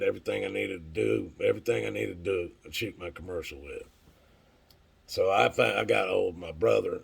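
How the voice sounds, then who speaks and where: A man's voice: low-pitched, gravelly, breathy edge. A middle-aged man telling a rambling, profane story in a casual way, acting out the voices of people he quotes.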